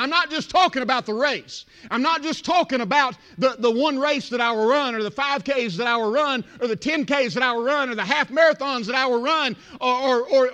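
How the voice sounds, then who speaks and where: High-voiced, bright preacher. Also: male voice. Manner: builds to shouting crescendos. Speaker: pastor. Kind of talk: sermon.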